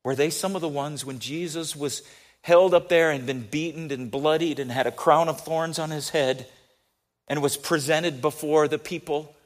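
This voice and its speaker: A male pastor giving a sermon, telling stories animatedly and swinging from loud passages to hushed ones. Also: on the high side, fairly even intonation, moderate pace.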